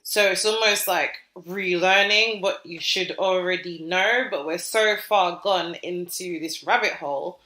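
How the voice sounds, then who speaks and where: A woman's voice: lowish voice, a little slow, few pauses. Chatty British woman in an echoey room. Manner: chatty, animated storytelling with many fillers. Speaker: podcast co-host. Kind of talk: casual podcast chat.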